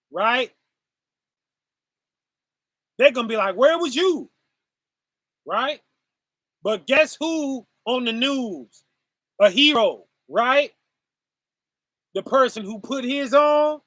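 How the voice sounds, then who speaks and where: High, bright-voiced preacher man, slow. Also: dry recording, studio quality. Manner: call-and-response asides, laughs while preaching. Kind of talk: informal sermon.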